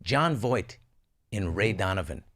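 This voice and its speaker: A man's voice: fairly low pitch, lively intonation, unhurried, fairly bright tone. A man co-hosting a talk show, chatting casually in a playful, gossipy way.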